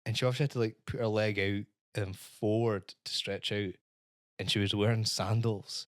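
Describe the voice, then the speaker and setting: A man's voice: lowish voice, steady tone, normal speed, no echo, studio quality. A man, co-hosting a casual podcast and animatedly telling a story, acting out the dialogue and swearing casually. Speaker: podcast co-host. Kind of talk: casual chat, anecdote telling.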